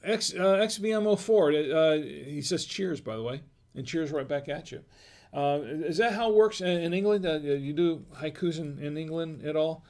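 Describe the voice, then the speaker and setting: A talkative man hosts a casual livestream. His voice sits somewhat high for a man. He reads chat messages aloud and keeps tossing questions back to his viewers. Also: normal speed, a little mellow. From United States. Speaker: wine review livestream host.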